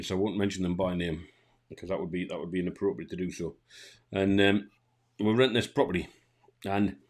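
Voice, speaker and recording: A man's voice: low voice, darkish tone. A man with a Geordie accent, co-hosting a casual streamed chat and telling a long anecdote, acting out both sides of a phone call and often restarting his sentences. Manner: rambling storyteller who acts out both sides of phone calls, with frequent restarts. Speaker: co-host.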